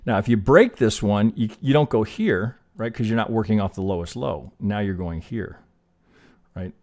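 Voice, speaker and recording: A man's voice: lowish voice, lively intonation, normal speed, a little mellow. Casual man talking through trading charts. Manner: loose and chatty, swears, gets fired up. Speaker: trading stream host. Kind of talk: live chart analysis, casual teaching.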